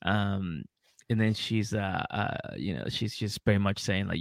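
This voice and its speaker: Gravelly low-voiced man, laughing podcast chat. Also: no echo, studio quality. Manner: animated, laughing, acts out the cast's lines in quick voices. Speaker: podcast co-host recapping a reality show. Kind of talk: casual comedic chat.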